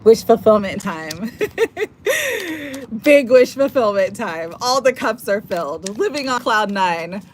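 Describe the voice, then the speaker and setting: Brief: woman tarot reader on a live stream, slow-paced and slightly high, emotional and effusive, faint hiss behind. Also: very animated. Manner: emotional, effusive, gets teary.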